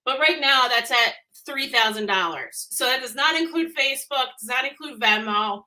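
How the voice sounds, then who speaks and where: A young adult woman hosting a live charity fundraiser stream, excited and close to tears as she thanks donors. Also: sits high, moderate pace. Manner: emotional, excited, near tears. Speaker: charity livestream host.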